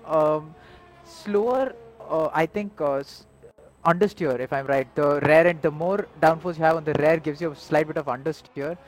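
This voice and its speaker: A man's voice: a little high, normal speed, low-quality recording. A man guest explaining car setups to commentators, polite and hesitant, with frequent fillers. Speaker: guest driver. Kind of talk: casual explanation.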